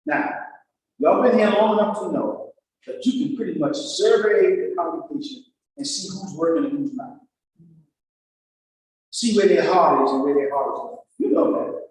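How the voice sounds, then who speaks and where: A man's voice: high-pitched, lively intonation, normal speed, pauses often, darkish tone, far from the mic. A male pastor teaching in an emphatic, repetitive, folksy preaching manner. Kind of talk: sermon-style teaching talk. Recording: very echoey church hall, heard from afar.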